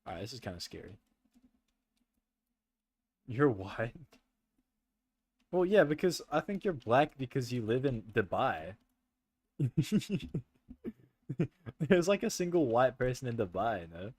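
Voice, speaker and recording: A man's voice: medium pitch, big pitch swings, takes it slowly, pauses often. A young man streaming a horror game, chatting with friends, swearing a lot and laughing nervously.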